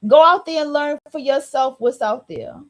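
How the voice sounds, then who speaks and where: Blunt high-voiced woman podcast host. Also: moderate pace. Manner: blunt, repetitive, preachy and profane. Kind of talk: solo podcast monologue.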